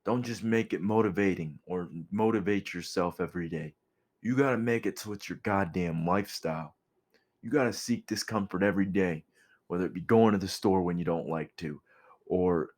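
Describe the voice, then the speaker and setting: A young man giving a casual motivational monologue, blunt and profane, animated as he talks. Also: lowish voice. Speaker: vlogger.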